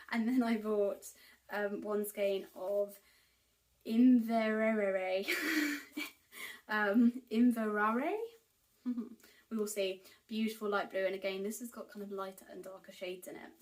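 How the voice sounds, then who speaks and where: A woman's voice: medium pitch, level tone, moderate pace. A woman chatting casually to camera about her knitting purchases, enthusiastic and full of ums and likes. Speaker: knitting vlogger. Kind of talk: casual haul chat to camera. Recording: voice picked up from a distance.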